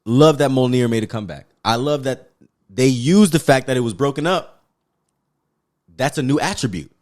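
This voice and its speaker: A man's voice: mid-range voice, normal speed. A man from the Pacific Islands co-hosting a podcast, ranting in casual movie review chat, profane and emphatic. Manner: animated, profane, emphatic love-hate rants. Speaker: podcast co-host.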